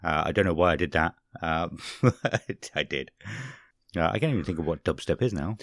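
A man's voice: low-pitched, animated, moderate pace, no room sound, clean studio sound. A man co-hosting a podcast, reading band blurbs and chatting with stumbles and repeats. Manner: reads blurbs plainly, then chats with stumbles and repeats. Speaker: podcast co-host.

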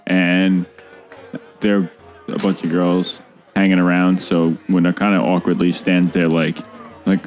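A man's voice: sits low, flat delivery, a little slow, soft background music. A man playing a tabletop game, describing his character's actions with stammering restarts. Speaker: player. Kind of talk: casual tabletop role-play.

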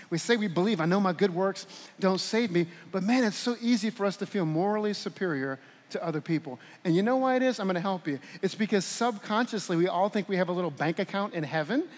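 Male pastor, forties, high-pitched voice, lively conversational sermon, long hall reverb. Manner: animated, conversational preaching with playful asides. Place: large church hall.

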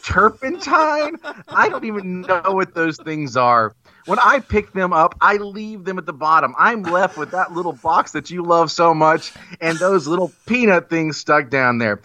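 A man's voice: on the high side, lively intonation, moderate pace, bright, forceful tone. A man giving a playful, theatrical mock-persuasive monologue in a self-mocking way. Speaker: guest making a comic pitch. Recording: muffled lo-fi recording.

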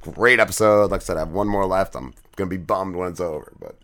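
A man's voice: sits low, quick pace, fairly bright tone. A man co-hosting a podcast, talking loosely and swearing constantly as he retells a TV episode. He rambles and doubles back on himself, piling up filler words while he chases the plot. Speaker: podcast co-host. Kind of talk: casual chat.

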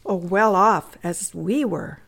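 A woman voicing a thoughtful, gentle young girl in a readers' theatre story reading. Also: medium pitch, slow. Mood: earnest.

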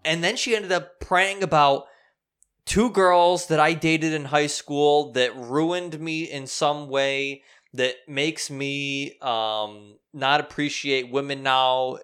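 A young man telling a story in casual chat, animated and profane, laughing often. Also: on the high side, slow pace, clean tone.

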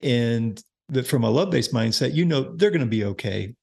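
Older man, gravelly, podcast guest, thoughtful, restarts a lot, parenting coach. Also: medium pitch, expressive, normal speed, darkish tone. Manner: thoughtful, restarts often, explains with examples. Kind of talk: casual interview chat.

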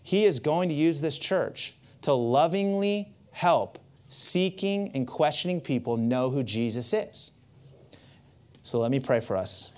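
A man's voice: medium pitch, darkish tone. A male pastor delivers a sermon and leans on a personal story. He talks like he is chatting, and often stops to aim asides at the congregation.

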